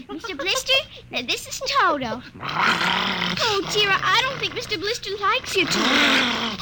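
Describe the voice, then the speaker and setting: A whiny, excitable little girl. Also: high voice. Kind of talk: 1940s radio acting. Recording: noisy old radio recording.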